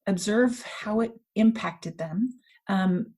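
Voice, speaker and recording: Middle-aged woman guest, reflective and earnest, medium pitch, conversational storyteller. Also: slow pace, warm tone, breathy edge. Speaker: author and women's coach, guest. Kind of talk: casual interview conversation. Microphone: remote call.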